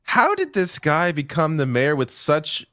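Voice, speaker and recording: A man's voice: a little high, wildly swooping pitch, a little slow, bright, forceful tone, no room sound, clean studio sound. A man co-hosting a podcast, commenting with incredulous criticism. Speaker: podcast co-host. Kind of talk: casual chat, commentary.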